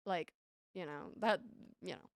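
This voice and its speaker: A woman's voice: on the low side, measured pace, vocal fry, no echo, studio quality. Chatty Northern English woman streamer. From Northern England. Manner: chatty, laughs often, stammering restarts. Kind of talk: casual chat with viewers.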